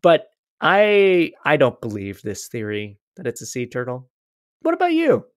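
A man co-hosting a casual podcast chat, chatty and quick to laugh. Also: mid-range voice, sing-song, smooth, no echo, clean studio sound. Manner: chatty, laughs easily, restarts. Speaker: podcast co-host. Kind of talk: casual chat, reading a quote aloud.

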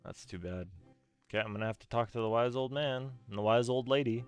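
A man's voice: mid-range voice, fairly quick, soft background music. A man giving casual gameplay commentary, rambling and talking to himself with many fillers. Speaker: streamer voicing a game.

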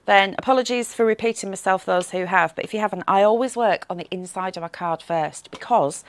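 The same craft show host reads out viewers' comments and banters playfully and brightly on air. Her mid-range voice carries a faint huskiness, recorded dry.

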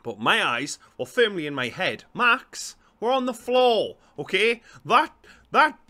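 A man with a Geordie accent, chatting excitably and swearing while reacting to a comedy show. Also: high-pitched, measured pace. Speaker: reaction video host. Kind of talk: casual reaction commentary.

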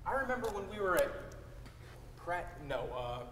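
A man's voice: high-pitched, very animated, moderate pace, fairly bright tone. Male actor as a crude, swearing salesman on a rant; echoey live hall. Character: crude, bitter male salesman, scornful and ranting. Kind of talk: live stage acting. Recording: echoey hall, faint noise.

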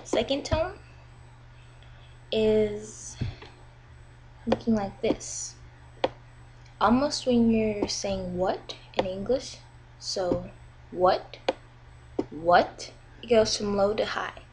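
A young woman talks through a homemade lesson at an unhurried pace, carefully drawing out each example sound. Her voice sits at a middling pitch. A faint noise hangs in the background of the recording. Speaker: language teacher. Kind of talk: casual video lesson.

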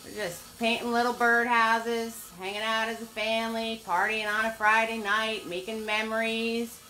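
A woman's voice: on the high side, little pitch movement, moderate pace, sharp tone, soft background music. An older woman giving a live painting lesson, upbeat, chatty and encouraging. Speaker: painting instructor.

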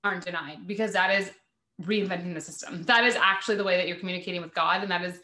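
A woman hosts a casual podcast on spirituality, her voice bright and forward. She talks loosely, leaning on "like" as she goes. The room around her is noticeably echoey. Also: on the low side, fast. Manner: chatty, frequent "like" fillers. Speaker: podcast host.

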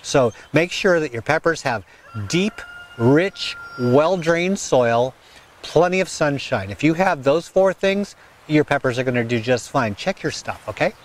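A man's voice: fairly high pitch, lively intonation, unhurried, slight background noise. A man hosting a gardening show, answering viewer questions in an earnest, folksy, direct way. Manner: earnest, folksy, direct advice with frequent "okay?". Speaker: gardening channel host. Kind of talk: casual advice talk.

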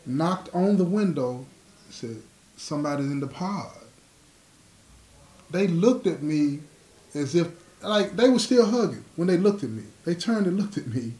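A man's voice: a little high, lively intonation, unhurried, dark tone. A man telling a prison story in a casual, streetwise way, acting out the dialogue and often asking if you follow him. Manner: streetwise storyteller, acts out dialogue, asks "you know what I'm saying". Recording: roomy echo.

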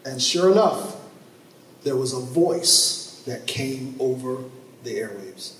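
A man's voice: fairly high pitch, unhurried. A male pastor preaching a sermon and telling a story, his voice climbing and dropping sharply for dramatic effect. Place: church sanctuary. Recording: echoey church, mic at a distance, faint noise.

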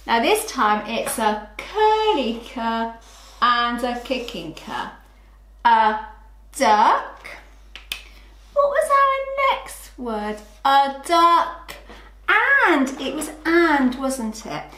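Slow, sing-song woman teaching phonics. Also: sits high, big pitch swings, sharp tone, roomy sound. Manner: slow, sing-song, clearly sounds out letters. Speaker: early years phonics teacher. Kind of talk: children's phonics lesson.

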